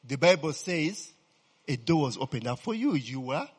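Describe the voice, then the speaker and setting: Brief: male preacher, somewhat high voice, husky, casual joking sermon, keeps asking the crowd "eh?", long hall reverb. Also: big pitch swings, moderate pace. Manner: peppers talk with "eh?" and "okay?" checks to the congregation; asks the crowd questions and fills in his own answers. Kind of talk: humorous conversational sermon.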